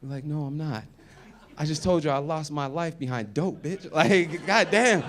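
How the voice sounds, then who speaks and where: This stand-up set features a thirtysomething man acting out characters from his stories, alternating between loud and quiet delivery. His voice is fairly high and his pace moderate.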